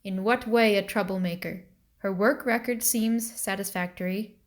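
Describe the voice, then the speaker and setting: A woman reading the part of a stern, formal middle-aged male mill agent in a storybook, questioning in a measured way. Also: mid-range voice, close to an everyday voice.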